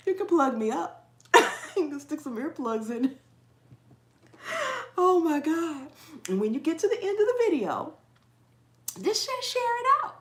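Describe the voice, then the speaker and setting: A woman's voice: high voice, big pitch swings, slow, pauses often, a bit bright, reverberant. A woman hosting a casual live chat with her viewers, laughing often at herself and tripping over a word she repeats. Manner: trips over words and repeats them. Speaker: cooking channel host.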